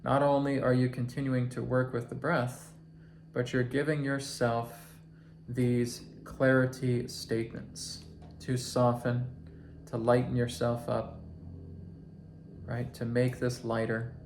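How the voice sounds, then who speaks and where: A man teaching a self-help process, talking slowly and deliberately and counting breaths aloud. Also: mid-range voice, flat delivery, gravelly, darkish tone. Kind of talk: guided instructional talk. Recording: echoey room with faint noise.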